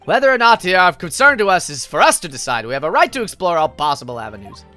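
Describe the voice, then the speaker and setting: A woman's voice: fairly low pitch, sing-song, quick pace, pushed and bright, soft background music. A woman voicing a nervous but determined young male defense lawyer in a game read-along, earnest and insistent.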